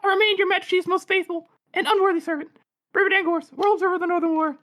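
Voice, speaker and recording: A ceremonious court observer reports to his sovereign in a strikingly high, thin voice, put on by a man reading aloud. He speaks slowly and formally, every phrase weighted with dutiful pomp. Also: steady tone, a bit bright. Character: pompous male court observer reporting to the king. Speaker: podcast co-host. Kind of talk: reading a book letter aloud in character.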